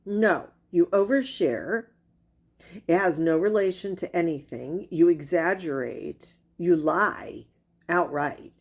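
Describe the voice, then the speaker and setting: A woman's voice: lowish voice, takes it slowly. A woman giving critical commentary over clips, blunt and accusing, with pointed repeated questions. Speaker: commentary creator.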